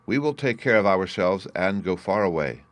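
A man voicing the youngest prince calmly comforting his mother in a fairy tale reading. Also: sits low, moderate pace, no echo.

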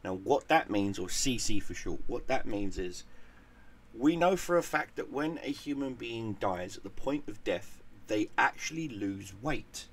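A man's voice: on the low side, lively intonation, unhurried. A man hosting a gaming channel, telling a casual story in a profane, rambling way and repeating words as he goes.

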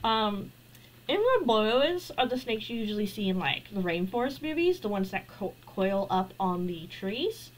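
A woman's voice: medium pitch, very animated, moderate pace, slight background noise, low-quality recording. A young woman streaming a game, talking casually with nervous, frightened rambling and sudden shrieks. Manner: jittery and frightened, shrieking at spiders, then rambling.

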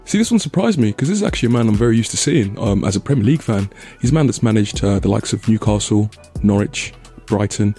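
A man's voice: mid-range voice, dark tone. A young English man hosting a casual history vlog, talking in slangy, joking bursts of hype. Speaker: host.

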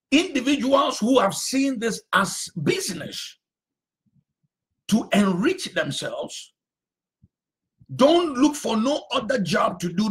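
Male pastor, unhurried sermon delivery with animated intonation and emphatic repetition. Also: extremely high pitch. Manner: emphatic, repeats phrases, sometimes shouts.

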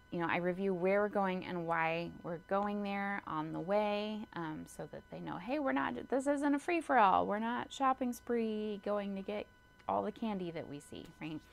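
Chatty mom with a gravelly edge. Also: female voice, lowish voice. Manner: chatty, laughs often, many ums and likes. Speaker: vlogger and homeschooling mother. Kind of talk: casual Q&A chat.

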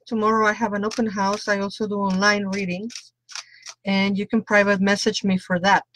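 A woman's voice: a little high, fairly bright tone, slight background noise. A woman tarot reader doing a chatty live-stream reading, greeting viewers by name and laughing often.

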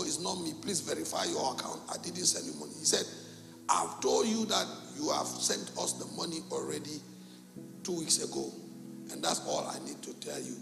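A middle-aged pastor from Cameroon, preaching a sermon and telling a story with animated, acted-out dialogue in a gravelly voice. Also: male voice, high-pitched. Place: church hall. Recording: echoey church hall.

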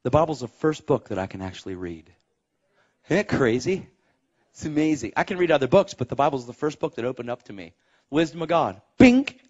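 Male evangelist giving an excitable testimony sermon, lively pitch, muffled lo-fi audio. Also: brisk. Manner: animated, emphatic storytelling with sound effects. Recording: dull, muffled recording.

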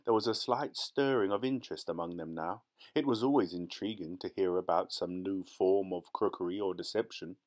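A man narrating an audiobook in a measured, even storytelling manner. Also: low-pitched.

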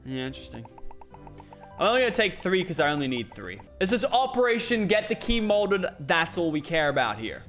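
A man's voice: sits high, very animated, a little fast, fairly bright tone, faint music behind. A young man giving casual let's-play commentary, swearing often and talking through his plans aloud. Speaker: gaming YouTuber.

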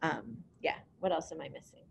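Woman, fairly low pitch, gravelly, upbeat, lots of ums, online info session, faint hiss. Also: moderate pace. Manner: upbeat, conversational, frequent ums. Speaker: program director.

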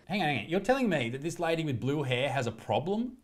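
A man's voice: on the high side, very animated, quick pace. A man with an Australian accent hosting a crude comedy reaction video, brash and profane. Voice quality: brash and profane, mock outrage. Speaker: comedy commentary host.

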